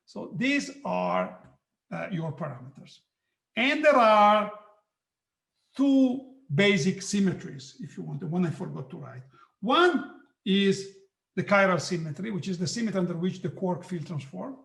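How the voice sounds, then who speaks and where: High gravelly guy teaching physics, keeps restarting, saying okay a lot, echoey room. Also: sing-song, a bit bright. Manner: halting, many restarts and "okay"s. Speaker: physics lecturer. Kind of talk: live online lecture. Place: hot room.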